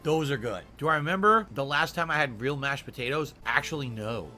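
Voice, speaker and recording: A man's voice: medium pitch, animated, a little fast, bright, forceful tone, faint music behind. A man chatting casually while eating a meal on stream, murmuring between bites and talking with his mouth full.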